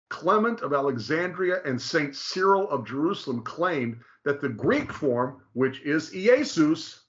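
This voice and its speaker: A man presenting in a casual explanatory discussion, halting and restarting often and drawing out key names slowly. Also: fairly high pitch, fairly bright tone, dull audio. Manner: halting, frequent restarts, slow drawn-out stress on names.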